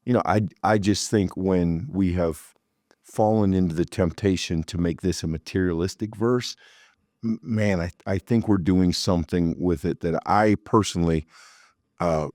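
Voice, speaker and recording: A man discussing scripture in a Bible study, thoughtful and measured, stammering a little as he starts his phrases. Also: low-pitched, darkish tone, dry recording, studio quality. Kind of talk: conversational Bible teaching.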